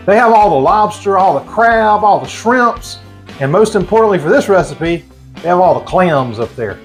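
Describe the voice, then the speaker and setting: Southern American man, middle-aged, cooking show host, folksy chatty recipe talk, high voice. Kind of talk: recipe demonstration.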